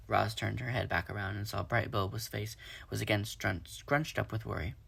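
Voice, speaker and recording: A man reading a children's storybook aloud in steady storytelling. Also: fairly low pitch, moderate pace, vocal fry, slightly rough. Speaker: reader.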